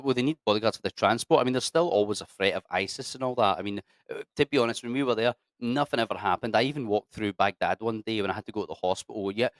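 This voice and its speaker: Blunt, sweary man, lowish voice. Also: no echo. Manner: blunt, sweary, says mate and lads. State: keeps clearing his throat. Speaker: guest, army veteran. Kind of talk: casual storytelling interview.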